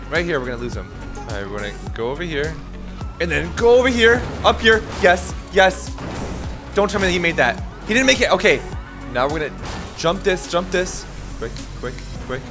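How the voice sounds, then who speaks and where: A young man giving excited running commentary over his roleplay gameplay, often yelping and shouting. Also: a little high. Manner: shouts and yelps during chases. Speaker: gaming YouTuber. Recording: game music behind.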